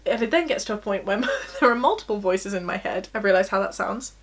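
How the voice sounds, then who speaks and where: A woman's voice: medium pitch, moderate pace. A young woman vlogging candidly from her bedroom, self-deprecating and laughing often as she talks. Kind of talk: personal confessional vlog.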